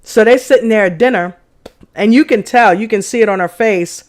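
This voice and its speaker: A woman's voice: medium pitch, a little fast, a little mellow. A woman from New Jersey co-hosting a reaction stream, talking in a loose, rambling way to her partner and live chat, with many fillers. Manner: chatty, rambling, many "you know"s. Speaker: reaction channel co-host.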